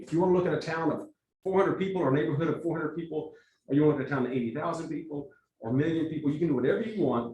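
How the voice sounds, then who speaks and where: A man with a Texas accent leading a church evangelism workshop, talking conversationally and acting out quotes in lively asides. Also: a little high. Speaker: evangelism trainer. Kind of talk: workshop teaching. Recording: echoey room, from far off.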